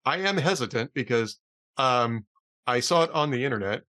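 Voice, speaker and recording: Chatty guy hosting a talk show, laughs at his own jokes, bright voice that jumps around. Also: medium pitch, animated, moderate pace. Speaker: podcast host. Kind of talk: casual political talk show chat.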